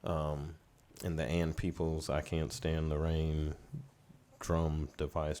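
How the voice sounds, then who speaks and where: A middle-aged man, a studio owner casually telling stories as a podcast guest with relaxed, rambling anecdotes. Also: extremely low pitch, takes it slowly, a little hiss or hum. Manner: relaxed, rambling anecdotes, laughing as he tells them. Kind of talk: casual storytelling in a podcast interview.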